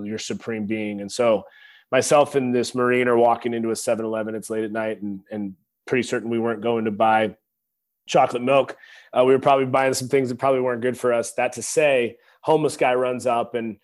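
A man in his thirties tells a heartfelt story in an earnest, preacher-like cadence, calling his listeners y'all. His voice sits at a middle pitch. He speaks as a podcast guest into a studio microphone. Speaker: podcast guest, former linebacker. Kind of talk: reflective storytelling.

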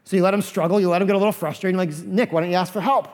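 High-voiced pastor preaching in a hall. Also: male voice, racing. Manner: animated, acts out voices of figures. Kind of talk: sermon.

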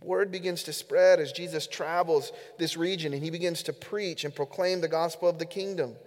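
A man's voice: a little high, fairly even intonation, moderate pace. A man who is a pastor, preaching an earnest, emphatic sermon to his congregation during a church service. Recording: echoey hall with long reverb.

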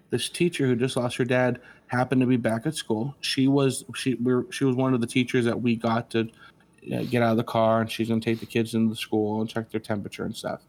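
A man's voice: mid-range voice, darkish tone. A middle-aged man, a father and interview guest, telling personal stories in an earnest, casual way, often restarting his sentences and acting out quotes. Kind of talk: casual storytelling.

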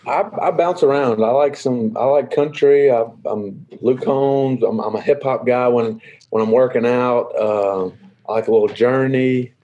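Mellow young man, dull remote audio. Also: mid-range voice. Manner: halting, lots of fillers and restarts. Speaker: baseball player guest. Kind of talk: casual interview answers.

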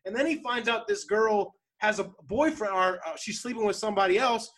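A man co-hosting a casual talk show, retelling a sitcom in a rambling, animated way with bursts of laughter. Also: high-pitched, a little fast. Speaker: podcast co-host. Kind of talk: casual chat.

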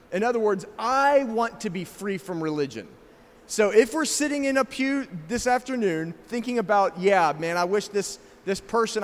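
A man's voice: sits high, long reverb tail. A middle-aged man with a slight South African accent preaching a sermon as pastor, emphatic and asking the congregation rhetorical questions. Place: church sanctuary.

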